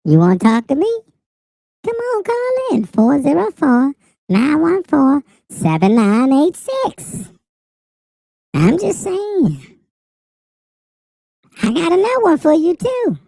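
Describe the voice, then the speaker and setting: A teasing, squeaky voice pitched far up by a voice changer, baiting callers. It leaps all over in pitch and drawls slowly. A gravelly, dark grain sits under it. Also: male voice, huge pitch swings, no room sound, studio quality, full character voice. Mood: taunting. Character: squeaky high-pitched taunting voice.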